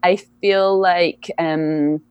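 A woman's voice: on the low side, steady tone, very slow, clean tone, dry recording. A young woman talking casually as an interview guest, chatty and laughing often, with many fillers. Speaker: guest, EFT practitioner.

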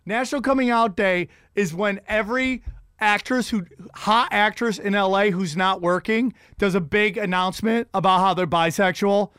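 Rambling stand-up comic who swears a lot and trips over restarts. He speaks at an ordinary pitch in a casual podcast chat. The recording is close and dry. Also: moderate pace, a bit bright, clean tone, dry recording. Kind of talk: casual profane storytelling.

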